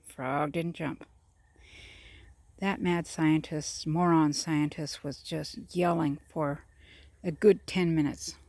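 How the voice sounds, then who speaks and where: A woman's voice: low voice, darkish tone, no echo. A woman telling long, meandering jokes, with fillers and chuckles along the way. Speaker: joke teller. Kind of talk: rambling joke telling.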